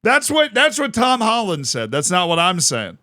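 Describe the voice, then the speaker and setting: A man's voice: high-pitched, wildly swooping pitch, moderate pace, bright, forceful tone, no echo, clean studio sound. A young man from the United States chatting casually on a live stream, rambling and self-mocking as he thanks viewers by name.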